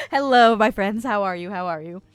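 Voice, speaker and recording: A woman streaming live, chatting casually and reading viewer comments with a soft voice and a lot of giggling. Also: medium pitch, clear, resonant tone, no echo. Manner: giggly, playful, frequent laughter; soft-spoken.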